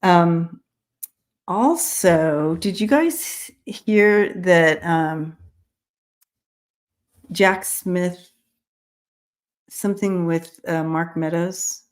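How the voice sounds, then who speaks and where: Speaking very slowly and pausing often, a woman with a lowish voice runs a live-stream psychic reading show. She welcomes viewers by name and talks informally, with many fillers and restarts.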